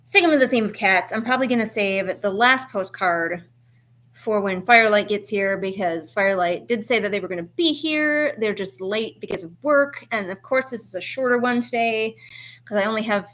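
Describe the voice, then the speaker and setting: A woman's voice: mid-range voice, normal speed, fairly bright tone, slight background noise. A woman chatting casually on a live stream as she draws at home, talking to her viewers. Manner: chatty, talks to her cats and chat. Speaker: art streamer. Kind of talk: casual live-stream chat while drawing.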